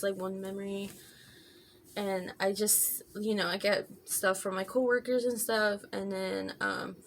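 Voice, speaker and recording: Casual vlogger woman, gravelly mid voice, rambling storytime over makeup, faint background hiss. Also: medium pitch, a bit bright. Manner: chatty, many fillers and restarts.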